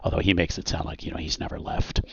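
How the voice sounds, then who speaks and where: A man narrating a tabletop game as game master in a relaxed, hesitant way. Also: extremely low pitch, quick pace, creaky, slightly rough, dry recording. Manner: relaxed, hesitant with many ums. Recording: dull, dry muffled audio.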